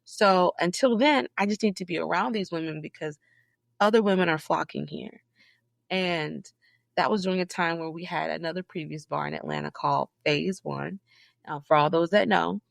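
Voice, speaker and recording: A woman from Southeast Georgia, a guest in a casual interview, telling stories in an animated, emphatic way with sudden high, loud bursts. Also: moderate pace, gravelly, no room sound. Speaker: podcast guest, librarian.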